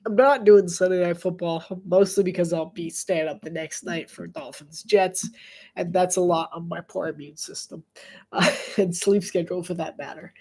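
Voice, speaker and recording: A woman with a nasal voice giving casual live play-by-play commentary, jokey and laughing often, loud on big plays. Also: on the low side, normal speed, breathy edge. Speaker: sports commentator.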